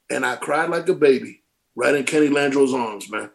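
A man's voice: medium pitch, fairly quick, creaky. A middle-aged man, a former pro ballplayer, telling stories casually in an interview, acting out quotes and swearing freely. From Brooklyn, New York. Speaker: former pro baseball player, guest.

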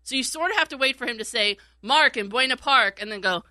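A woman's voice: a little high, brisk, pushed and bright, dry recording. A woman telling a casual story in a chat, laughing often and acting out what people said. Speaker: radio show regular, former call screener.

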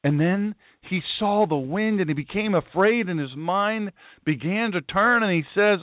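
A man's voice: sits high, a little slow, no room sound, phone-quality sound. A man preaching a sermon who tells the story dramatically and acts out the voices of the people in it. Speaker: pastor.

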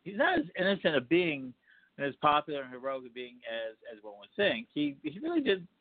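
Man, podcast host, rambling halting questions, lively intonation, dry tinny line. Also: on the high side, no echo. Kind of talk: casual interview.

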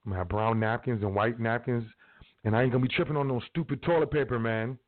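A man's voice: mid-range voice, steady tone, fast. A man hosting a show, talking in a rambling, slangy, casual advice monologue. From South Side of Chicago. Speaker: host. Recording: phone-like narrow sound.

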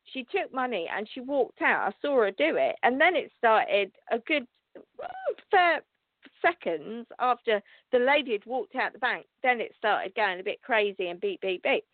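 A woman hosting a spiritual talk show, telling a story to her listeners in a chatty, excitable way with restarts and laughter. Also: on the high side, normal speed, dry recording. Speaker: show host and psychic reader. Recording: tinny phone-line sound.

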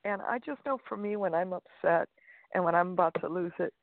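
A woman's voice: fairly low pitch, fairly quick. A woman guest author talking in an upbeat, chatty way, with many fillers and restarts. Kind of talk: interview over a phone line. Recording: dry, tinny phone line.

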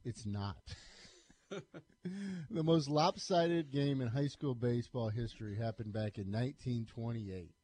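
A man over forty hosting a morning sports talk radio show, briskly reading scores and rundowns. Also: medium pitch, a little mellow.

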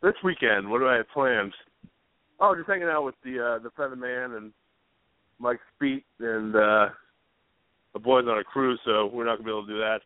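A man's voice: medium pitch, moderate pace, clear, resonant tone, dry recording. A man co-hosting a radio show, chatting casually with an easygoing, teasing manner. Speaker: radio co-host. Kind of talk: casual chat. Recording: dry tinny phone-like sound.

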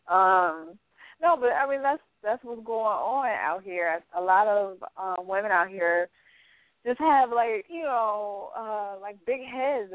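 A woman's voice: mid-range voice, dry recording. A woman co-hosting a radio talk show, answering hesitantly with many fillers. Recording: dry tinny phone-line radio sound.

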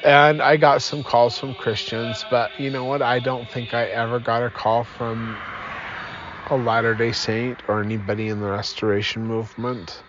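A man's voice: mid-range voice, level tone, normal speed, muffled recording, over music. A man hosting a podcast from inside his car, sleepy and yawning, rambling and self-deprecating with many fillers. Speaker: podcast host. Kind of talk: casual rambling podcast talk.

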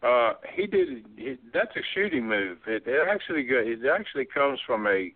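A man's voice: mid-range voice, very animated, normal speed, no room sound. A man, a former wrestler telling folksy stories in casual chat. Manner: drawling, folksy, laughs while telling stories. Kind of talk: casual storytelling. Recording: tinny phone-like line, dry.

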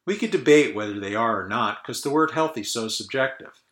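A man's voice: mid-range voice, lively intonation, fairly quick, fairly bright tone. A man in his fifties from the northern United States, hosting a solo podcast rant in a dry, sardonic way. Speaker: podcast host. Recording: roomy echo.

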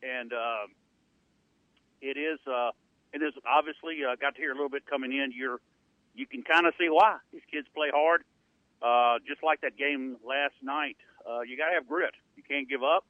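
A man's voice: mid-range voice, normal speed, no echo. Middle-aged man co-hosting, rambling with fillers. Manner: conversational, rambling with many fillers. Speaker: radio co-host. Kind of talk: sports talk radio. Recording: narrow phone-like band, dry.

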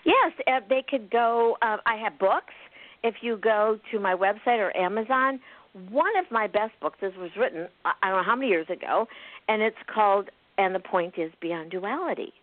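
A woman's voice: mid-range voice, lively intonation, normal speed, no room sound. A woman healer being interviewed, telling stories with laughs and acting out the people she quotes. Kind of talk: animated storytelling interview. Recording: phone-like narrow sound.

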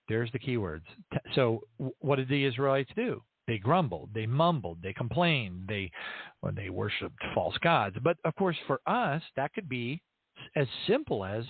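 A man's voice: medium pitch, no room sound. A man hosting a Christian show, casually teaching from the Bible and telling stories where he acts out both sides of a conversation. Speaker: Christian radio show host. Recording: tinny phone-line sound, dry.

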